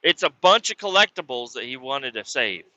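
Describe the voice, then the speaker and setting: A man spins a rambling, profane comic story in a sharp, very bright voice. The recording is dry and a little dull, with no room sound. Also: medium pitch, normal speed, dry recording. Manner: crude, rambling, animated swearing. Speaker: podcast host.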